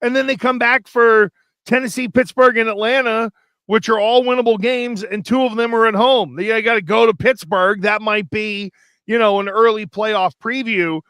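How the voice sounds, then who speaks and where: A sports talk show co-host chats casually in a high, bright, ringing voice, telling animated stories that run rapidly from one thought into the next. The studio recording is dry, close and clean, with no room sound.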